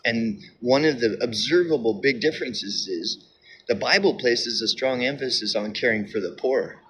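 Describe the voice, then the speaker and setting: Emphatic, halting man with bright voice. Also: medium pitch, slight background noise. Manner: repetitive, halting with restarts and fillers; insistent, emphatic. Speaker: video commentator. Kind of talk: casual monologue.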